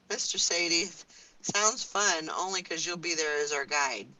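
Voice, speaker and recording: A woman's voice: lowish voice, measured pace, pushed and bright, slight background noise, rough recording. A woman over sixty, a grandmother, co-hosting a morning radio show in casual, sleepy chat. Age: older. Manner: sleepy, chatty, laughs easily.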